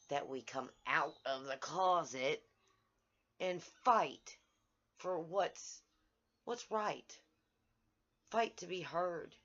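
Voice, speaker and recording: A woman recording a daily video diary, talking angrily and outraged, halting and restarting as she vents. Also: low voice, muffled recording. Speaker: vlogger.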